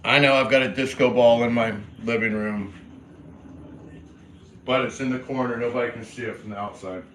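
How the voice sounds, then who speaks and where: A man's voice: mid-range voice, fairly even intonation, moderate pace, a bit bright. A man, chatting casually in his kitchen while eating breakfast, rambling and talking with his mouth full. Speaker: vlogger. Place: home kitchen, indoors. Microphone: camera set down nearby. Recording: roomy, from a distance, faint noise.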